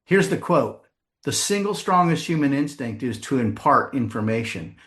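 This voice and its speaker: At a live sales seminar, a middle-aged man with a medium-pitched, sing-song and somewhat bright voice tells comic stories, questions the audience, and drops in funny voices and quick asides.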